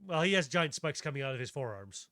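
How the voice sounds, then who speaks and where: A man's voice: mid-range voice, big pitch swings, fast talker, a bit bright, no room sound, clean studio sound. A man streaming a casual chat, rambling from tangent to tangent and swearing freely. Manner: rambling, tangent-jumping, profane. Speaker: streamer, host.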